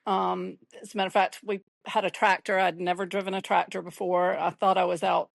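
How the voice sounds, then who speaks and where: A woman's voice: on the low side, little pitch movement, a little fast, gravelly, dry recording. A woman, a podcast guest telling chatty stories and laughing now and then. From Mississippi. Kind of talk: casual conversation.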